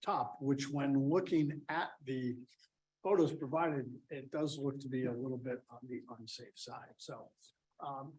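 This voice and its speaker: A man's voice: mid-range voice, fairly even intonation, measured pace, darkish tone, poor audio. Man chairing a town board meeting. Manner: reads agenda items, calls on members.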